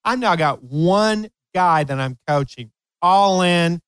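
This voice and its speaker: Laughing storyteller man, smooth voice. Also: high-pitched, expressive, takes it slowly, fairly bright tone, dry recording. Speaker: host, tennis coach. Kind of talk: storytelling in casual chat.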